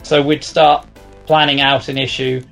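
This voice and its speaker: A man recalling the past as a guest in an even, measured way. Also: mid-range voice, vocal fry, soft background music. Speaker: guest, magazine co-editor. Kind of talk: casual reminiscing.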